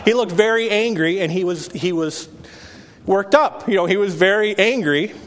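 Male pastor, 30s, earnest conversational preaching, slightly high voice, hall reverb. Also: moderate pace, fairly bright tone. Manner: conversational, earnest, with frequent restarts. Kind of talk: sermon. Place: church sanctuary.

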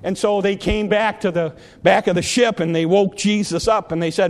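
A man preaching a sermon with impassioned, repetitive delivery that swells and then hushes. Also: sits high, steady tone, moderate pace, hardly any pauses, big-room sound.

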